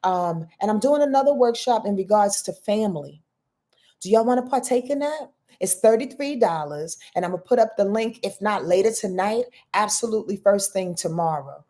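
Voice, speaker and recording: A woman's voice: medium pitch, lively intonation, moderate pace, mellow. A middle-aged woman astrologer hosting a livestream, talking in a casual, emphatic, profane, streetwise manner and calling out to her audience. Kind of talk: casual spiritual talk to a live audience.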